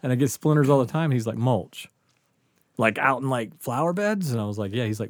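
A man tells a story from his own life in a casual podcast chat. He acts out each person in it, drops to a near whisper, then rises into loud laughing bursts. The sound is dry and close to the mic. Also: mid-range voice, fairly quick, no room sound. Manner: animated, acts out quotes, laughs often. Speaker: guest storyteller.

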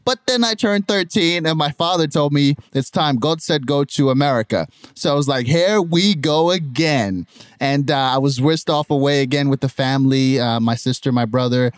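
A young adult man from Nigeria with a Nigerian accent, telling his life story in a lively, conversational way as a podcast guest. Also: brisk, hardly any pauses, smooth, no room sound, studio quality. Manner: animated, jumps into high mimicking voices when quoting others.

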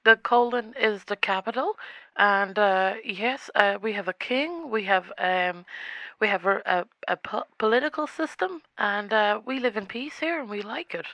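A woman voicing an earnest sentient AI that lives inside a man's colon, talking in a prim, halting way. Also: mid-range voice, creaky, fairly bright tone, no echo, highs cut off.

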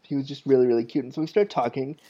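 A man's voice: medium pitch, fairly even intonation, rapid-fire, dark tone, slightly rough, lo-fi sound. Candid, chatty man telling stories. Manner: candid, chatty and self-mocking. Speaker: podcast host. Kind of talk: casual storytelling monologue.

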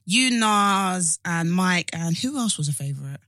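A woman's voice: lowish voice, no echo, clean studio sound. A woman co-hosting a podcast, chatting casually and joking. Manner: lively, chatty, quick to joke. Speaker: podcast co-host. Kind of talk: casual chat.

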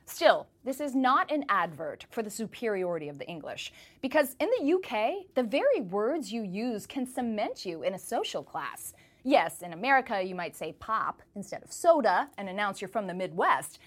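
A woman's voice: medium pitch, sing-song, normal speed. A woman correspondent in her thirties giving a playful scripted news commentary, slipping into a mock-British accent.

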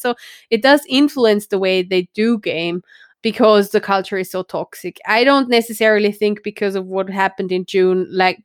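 Frank woman host with a smooth clear voice. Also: medium pitch, no echo, clean studio sound. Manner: frank and blunt, swears casually; thinks aloud with many restarts and "right?". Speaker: podcast host. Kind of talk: casual chat.

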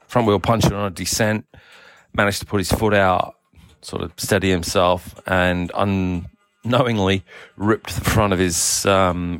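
A middle-aged man with a low voice and an accent that blends Australian, South African and English sounds. He talks loosely and casually in an audio diary, often pausing on um and uh. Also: no room sound. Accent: mixed Australian, South African and English. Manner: relaxed, rambling, many ums and uhs. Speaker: cycling team manager.

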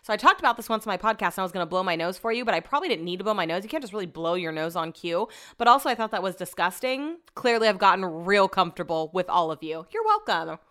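This young podcast host speaks at medium pitch with lively intonation, a quick pace, and hardly any pauses, in a fairly bright tone. Alone at the mic, she rambles casually through a story, leaning heavily on "like" and swearing once in a while.

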